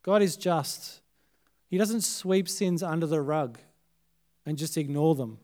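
Australian male preacher, higher register, clean resonant tone, dramatic swings from forceful to hushed. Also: takes it slowly. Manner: dramatic, swinging between loud emphasis and hushed, quiet phrases. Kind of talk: Good Friday sermon. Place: church service.

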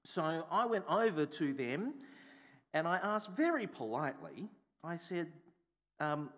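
A man's voice: on the high side, sing-song, a little slow, fairly bright tone. A man, a bishop preaching a sermon, telling a personal story and asking the congregation repeated rhetorical questions. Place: church. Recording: echoey hall.

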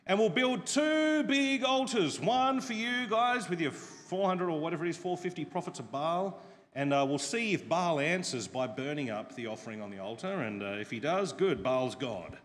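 A man's voice: fairly high pitch, expressive, normal speed, a bit bright. A man voicing a blunt, weary old male prophet who talks in a casual, taunting way, heard with long church reverb. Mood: bold.

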